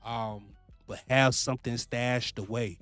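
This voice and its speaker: A man, giving animated money advice to fellow truck drivers in a casual vlog. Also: medium pitch, a little slow, clean tone, dry recording, soft background music. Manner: animated, repetitive, preachy, swears freely. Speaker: trucking vlogger, lease purchase owner-operator.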